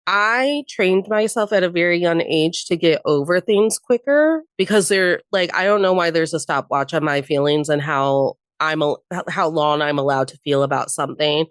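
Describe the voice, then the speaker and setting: In a dry recording, a young adult woman talks unhurriedly on a podcast as a guest, her fairly low voice clear and resonant. She shares personal stories candidly in casual chat, with plenty of laughter and swearing.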